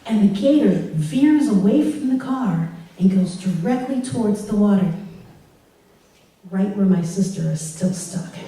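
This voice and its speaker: A woman telling a personal story live on stage, animated and laughing through it. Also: mid-range voice. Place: live storytelling event in a hall. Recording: echoey hall, voice from far off.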